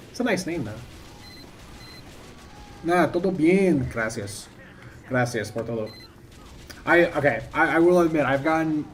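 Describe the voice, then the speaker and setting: A man's voice: mid-range voice, a little hiss or hum. A young man casually chatting while he plays a game on stream, rambling and self-critical, often trailing off. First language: English. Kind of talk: casual commentary while gaming.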